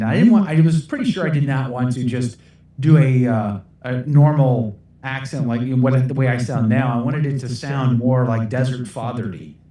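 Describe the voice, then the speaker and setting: A man's voice: mid-range voice, warm tone, recorded from a distance. Rambling man in an echoey room. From United States. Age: middle-aged. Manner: rambling, self-deprecating, laughs often. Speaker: actor answering livestream questions. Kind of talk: casual livestream Q&A.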